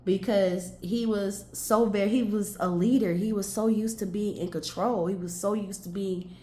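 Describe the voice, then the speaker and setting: A woman's voice: medium pitch, fairly even intonation, moderate pace, mellow, reverberant, slight background noise. A woman doing a casual tarot reading, musing aloud and talking to her viewers as she turns cards. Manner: musing, talks to herself and viewers, stretches words. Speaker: tarot reader.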